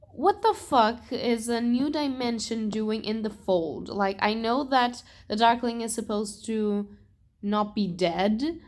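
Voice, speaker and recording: A young woman talking casually in a book vlog, animated and exasperated, swearing and laughing often. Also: a little high. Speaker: book vlogger.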